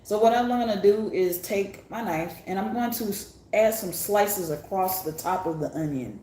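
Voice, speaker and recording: A woman's voice: medium pitch, normal speed, a little hiss or hum. A woman casually showing how she cooks in her home kitchen, chatting and laughing as she chops. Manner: chatty, laughing, exclaiming while chopping. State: teary-eyed from onion fumes. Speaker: cooking vlogger. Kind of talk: casual cooking demonstration. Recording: echoey kitchen with loud clatter of dishes. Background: dishes, pots and pans clattering.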